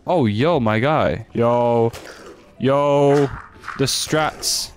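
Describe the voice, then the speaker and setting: A man's voice: mid-range voice, drawn-out words, soft background music. A young man giving casual, joking commentary while streaming a horror game. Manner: joking, playful, excitable.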